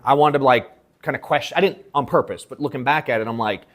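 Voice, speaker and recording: A man's voice: mid-range voice, fast. Man telling a slangy, profane story. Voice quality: slangy and profane, animated retelling with acted quotes. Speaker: sales coach speaking at a workshop. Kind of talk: casual storytelling to a live audience. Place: event room at an in-person workshop.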